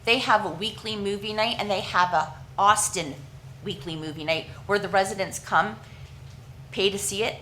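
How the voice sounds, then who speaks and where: A woman from Canada giving an earnest, halting presentation at a council meeting, with frequent restarts and fillers. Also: mid-range voice, sharp tone, a little hiss or hum, rough recording.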